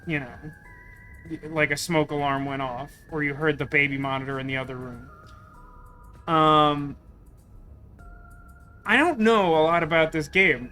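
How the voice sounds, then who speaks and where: A man's voice: a little high, pushed and bright. A man streaming a video game, talking in a wry, rambling, sarcastic way in casual let's-play commentary.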